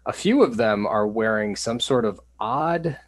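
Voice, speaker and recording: A man's voice: on the low side, expressive, measured pace. A man narrating as game master of a tabletop game, a little hesitant. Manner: hesitant, with many fillers and restarts.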